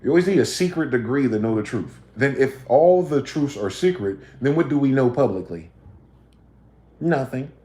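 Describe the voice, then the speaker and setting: A man's voice: mid-range voice, animated, normal speed, mellow, reverberant. A man, hosting a livestream and ranting profanely, firing off combative rhetorical questions. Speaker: livestream host.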